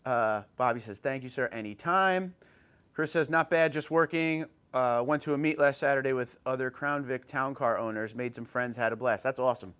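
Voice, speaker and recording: A man in the middle of a relaxed home livestream, chatting into an old tablet at an easy, even pitch. He greets viewers one by one by name and reads their comments back to them in a friendly, informal way. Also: moderate pace, clean tone. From New Jersey. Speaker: livestream host. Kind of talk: casual livestream chat.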